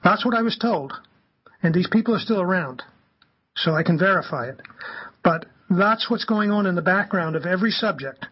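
A man, a radio guest, telling anecdotes in an animated way and acting out the quoted dialogue. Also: sits high, moderate pace, slightly rough, lo-fi sound. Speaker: guest, campaigner. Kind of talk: anecdotal storytelling on a radio talk show.

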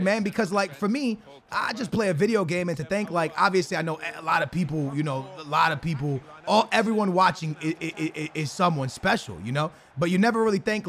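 A young man hosting a gaming video, talking through his match in slangy, rambling commentary and breaking into excited shouts on goals. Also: on the high side. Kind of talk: live gameplay commentary.

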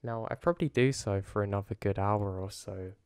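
A man tells a first-person horror story in an earnest, steady manner. His voice sits on the low side. The recording is close and completely dry, with no room sound. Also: fairly quick, clean tone, no echo.

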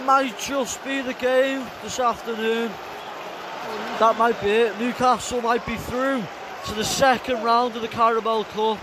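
A man narrating his matchday vlog from a stadium stand, excitable and shouting, his voice hoarse from all the shouting. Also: very high voice, unhurried. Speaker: football fan vlogger. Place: outdoors in a packed stadium stand. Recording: loud crowd noise over the voice. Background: loud chanting football crowd.

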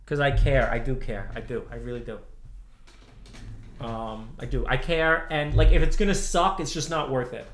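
A man's voice: mid-range voice, moderate pace, fairly bright tone. A man in his thirties ranting on a livestream, heated and profane, repeating himself as he answers chat. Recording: roomy echo.

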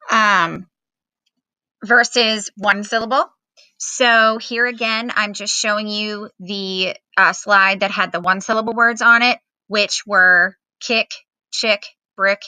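A woman's voice: mid-range voice, bright, forceful tone, clean tone, no room sound, poor audio. A woman teacher giving a recorded phonics lesson to children at home, patiently spelling out words with fillers.

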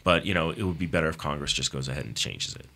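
A man's voice: rumbling low, animated, quick pace, gravelly, sharp tone. A man hosting a casual radio talk show, easygoing and chatty.

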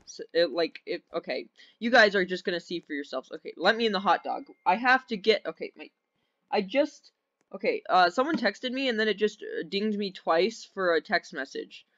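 A young man giving casual, rambling commentary over gameplay, easily excited and giggly. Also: high voice, normal speed. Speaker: gaming video host. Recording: dull lo-fi sound.

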